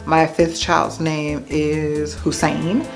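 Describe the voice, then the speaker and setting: A woman's voice: sits low, flat delivery, drawn-out words, music in the background. A woman in her thirties from the United States chatting casually to camera, answering questions with self-mocking asides to viewers. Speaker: vlogger. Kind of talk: casual to-camera Q&A tag video.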